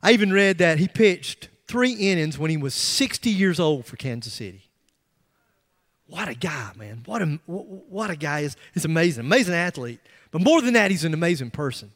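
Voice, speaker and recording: Man, middle-aged, pastor, sermon, high-pitched, emphatic storytelling, long church-hall reverb. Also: moderate pace. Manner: storytelling, animated and emphatic, with repeated restarts. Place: church sanctuary.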